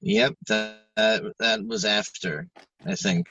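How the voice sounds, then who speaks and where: A podcast co-host in casual chat, talking frankly and swearing freely with halting restarts, audibly stressed and upset. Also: male voice, on the low side, sing-song, gravelly, bright, forceful tone, slightly rough, recorded from a distance, muffled recording, soft background music.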